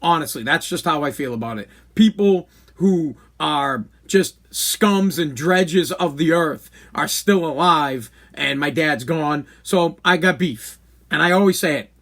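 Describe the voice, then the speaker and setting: A man's voice: on the high side, unhurried, fairly bright tone. A man, telling a long personal story on his podcast, candid and rambling, with many restarts. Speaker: podcast host. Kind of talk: casual storytelling monologue.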